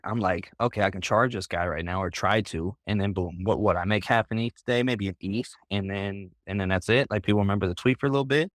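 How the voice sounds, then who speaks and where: A man's voice: sits low, no room sound, clean studio sound. A man, a guest on a group voice call, telling a story in a casual, rambling way, leaning on "like" and "bro" and restarting his sentences. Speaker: interview guest.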